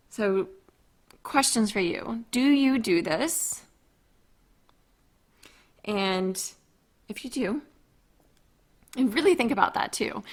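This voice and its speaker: Slow, earnest woman podcast host. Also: mid-range voice, fairly bright tone. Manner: earnest, confiding, slow and thoughtful with frequent restarts. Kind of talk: reflective solo podcast talk.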